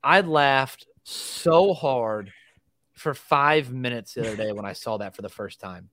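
A man co-hosting a casual sports podcast, telling animated stories and acting out quotes. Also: mid-range voice, measured pace. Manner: animated storyteller, acts out quotes. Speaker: podcast co-host.

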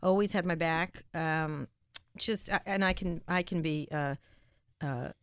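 A middle-aged woman speaks as an interview guest in a gravelly voice that sits a little low. She talks fast and emphatically, cuts herself off mid-sentence and laughs often. The sound is dry and close. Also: dry recording. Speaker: interview guest, tech journalist. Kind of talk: casual interview chat.

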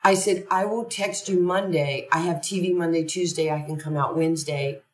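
Brief: woman with a low voice, animated storyteller who acts out dialogue, recorded far off in a roomy space. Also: moderate pace. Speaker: podcast guest. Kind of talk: conversational storytelling. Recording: roomy echo from a distant mic.

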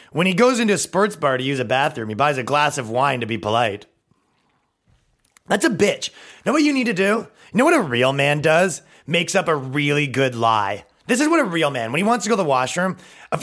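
A man's voice: on the high side, fairly bright tone. A man hosting a comedy podcast, ranting in a profane, mocking way and slipping into silly put-on voices. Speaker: podcast host.

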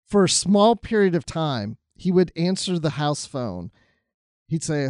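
A man co-hosting a casual podcast chat, telling stories in a relaxed, easygoing way. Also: on the high side, normal speed, clear, resonant tone, no echo, studio quality. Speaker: podcast co-host.

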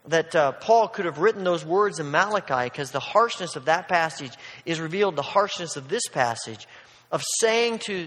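A man with a high voice preaches in an earnest, emphatic way, often doubling back to repeat words mid-sentence. His voice carries a long, lingering reverb, as in a large church sanctuary. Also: a bit bright. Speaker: pastor. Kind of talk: sermon.

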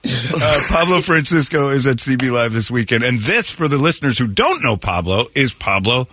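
A man hosting a radio morning show, teasing his guest with quick jokes and follow-up questions. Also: medium pitch, very animated, a bit bright, no echo, studio quality. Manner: wisecracking, feeds follow-up questions. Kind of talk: casual interviewing banter. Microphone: studio microphone.

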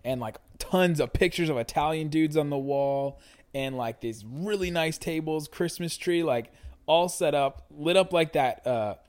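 A man hosting a casual sports podcast, chatty and laughing often as he tells animated anecdotes. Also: fairly high pitch, measured pace. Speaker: podcast host. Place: Dallas area.

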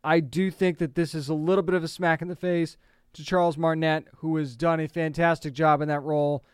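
A man in his thirties or forties hosting entertainment news commentary, chatty and opinionated, with quick asides to the audience. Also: on the high side, little pitch movement, clear, resonant tone, no room sound, studio quality. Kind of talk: casual commentary.

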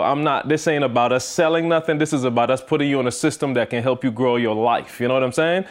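A man hosts a motivational podcast in a relaxed, conversational way. His voice sits a little high for a man. He talks with emphasis and keeps repeating his key lines to make them land. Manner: emphatic, repeats himself for stress. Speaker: podcast host. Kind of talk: casual motivational podcast talk.

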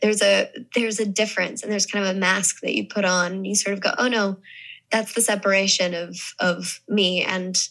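A woman's voice: mid-range voice, little pitch movement, brisk, vocal fry, few pauses, fairly bright tone, rough recording. A young adult woman from the American South, chatting thoughtfully as an actress interviewee, with many restarts and fillers. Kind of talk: casual interview chat.

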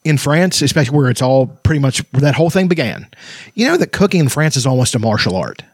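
A man's voice: medium pitch, big pitch swings, quick pace, husky, no room sound, studio quality. A man in casual chat who swears freely, tells rambling stories and laughs often.

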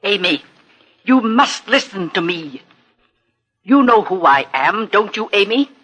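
A stern older sister. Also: female voice, mid-range voice, expressive, unhurried, a bit bright, breathy edge. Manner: firm and scolding, then frantic over money. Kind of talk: 1950s radio drama acting.

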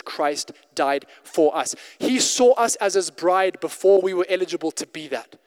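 Man, high voice, preaching, conversational, repeats and restarts, reverberant church hall. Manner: repetitive restarts, conversational and emphatic. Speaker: pastor. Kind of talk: sermon.

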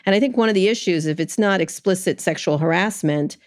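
A woman with a lowish voice hosts an interview, asking direct questions and offering firm, reassuring comments. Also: fairly quick. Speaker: interviewer, host.

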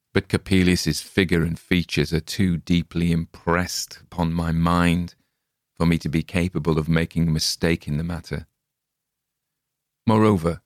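A man with a very low voice reads the tale aloud in a measured, grave manner. The sound is dry and close, with no room around it. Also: no room sound. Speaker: audiobook reader. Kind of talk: scripted narration.

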